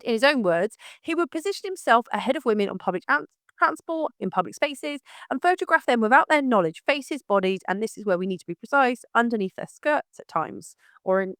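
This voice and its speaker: A woman's voice: a little high, expressive, a little fast, few pauses, fairly bright tone, no room sound, studio quality. A woman hosting her own podcast, giving outspoken and emphatic commentary in a direct manner. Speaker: podcast host. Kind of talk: opinionated commentary.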